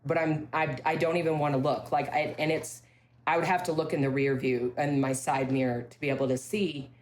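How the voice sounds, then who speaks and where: A woman from a ranch telling ghost stories in casual talk, emphatic, with halting restarts and key phrases repeated. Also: sits low, steady tone, a little hiss or hum. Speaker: ranch staff member interviewed about ghost stories. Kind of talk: casual spoken storytelling.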